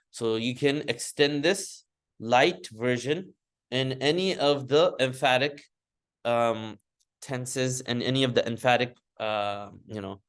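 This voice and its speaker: A man's voice: medium pitch, fairly bright tone. A man teaching a grammar lesson in a classroom lecture style. He speaks patiently, restating his points often, with frequent fillers and restarts. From United States. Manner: patient, repeats and reformulates points with many fillers.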